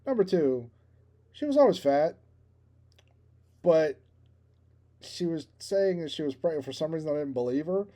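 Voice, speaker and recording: A man's voice: fairly high pitch, animated, moderate pace, long pauses, warm tone. A man co-hosting a podcast, telling a rambling, self-deprecating story in casual chat and laughing at himself. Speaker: podcast co-host.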